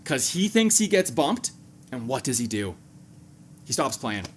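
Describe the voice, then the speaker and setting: This reaction-video host talks through the game at an unhurried pace in a medium-pitched voice, with a slight hiss or hum in the audio. He keeps it casual and jokey, now and then leaping into sudden animation.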